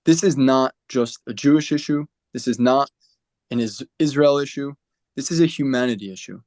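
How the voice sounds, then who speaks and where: A man's voice: mid-range voice, moderate pace, a little mellow, no echo. Man with a defiant, emphatic speech. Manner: emphatic, defiant, repeats for force. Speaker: speaker for a lone soldiers group. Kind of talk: impassioned talk on a video call. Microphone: video call.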